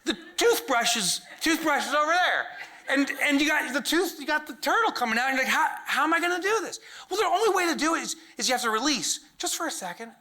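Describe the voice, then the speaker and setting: A man on stage giving a humorous business keynote, his voice high and sharply bright. His pitch swings widely as he acts out silly bits and shouts the punchlines. He talks to a live room in an animated way. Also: quick pace. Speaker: keynote speaker. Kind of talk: comedic keynote talk. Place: large event hall with live audience.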